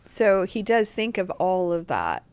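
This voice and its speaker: An actress appears as a guest on a podcast interview, chatting casually in a lowish, clean-toned voice at a measured pace. She tells her stories animatedly, acting out the lines of the people in them.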